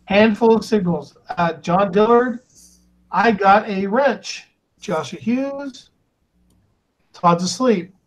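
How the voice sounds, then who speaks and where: A man's voice: high voice, slow pace, long pauses, low-quality recording. A man hosting a casual live stream, reading viewer comments aloud and stumbling over the names.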